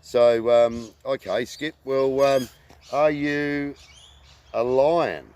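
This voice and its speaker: A man hosting a rambling casual talk, halting and full of ums and uhs. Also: medium pitch, steady tone, a little mellow, smooth. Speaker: host.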